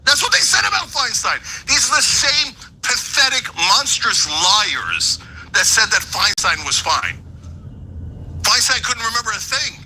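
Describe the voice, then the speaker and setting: A man's voice: very high voice, sing-song, measured pace, bright, forceful tone, husky, poor audio. A man hosting a show with heated, ranting political commentary. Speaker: host.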